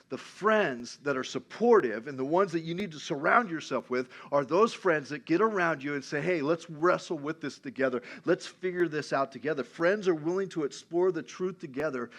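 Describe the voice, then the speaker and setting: A man pastor preaching a sermon in a lively, conversational storytelling way. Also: a little high.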